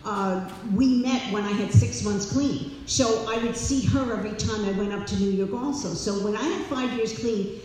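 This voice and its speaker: A woman sharing her personal recovery story with an audience, warm and animated, laughing and repeating herself as she talks. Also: medium pitch, normal speed, few pauses, slight background noise. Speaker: speaker at a recovery meeting. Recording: echoey hall, distant mic.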